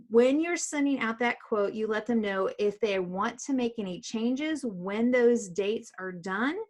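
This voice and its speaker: Emphatic woman coaching business owners. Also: medium pitch. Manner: emphatic, direct, repeats key points. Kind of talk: instructional coaching talk.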